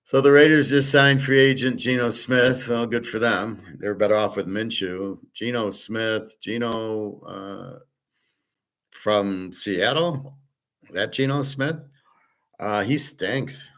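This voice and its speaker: A man's voice: lowish voice, slow pace, a bit bright, poor audio. A middle-aged man hosting, talking in a blunt, opinionated, rambling way and swearing at times. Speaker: host. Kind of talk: casual rambling monologue.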